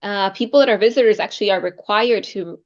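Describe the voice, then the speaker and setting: A woman's voice: medium pitch, quick pace, lo-fi sound. A woman in casual conversation, speaking in a hesitant, thoughtful way. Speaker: guest.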